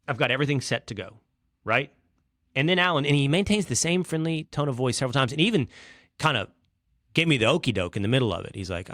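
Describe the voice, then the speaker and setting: A middle-aged man from Texas, hosting a podcast, telling an exasperated, comic story that swings from hushed asides to loud outbursts. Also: mid-range voice, animated, fast, no room sound, clean studio sound. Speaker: podcast host. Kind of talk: animated storytelling monologue.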